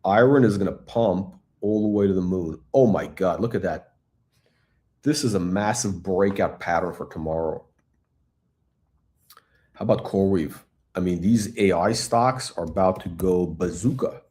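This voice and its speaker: A middle-aged man hosting a live stock chat, talking in an excitable, blunt, repetitive way and swearing now and then. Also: sits low, normal speed. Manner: excitable hype, blunt, swears, repeats himself. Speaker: stock channel host. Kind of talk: livestream stock chat reading chat questions.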